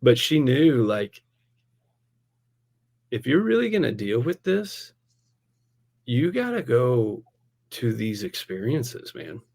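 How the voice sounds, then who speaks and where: A man who is a pastor, telling a personal story in casual conversation. He is animated, laughs often and fills his speech with "like" and "man". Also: mid-range voice, slow, vocal fry, long pauses. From United States. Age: adult, a parent.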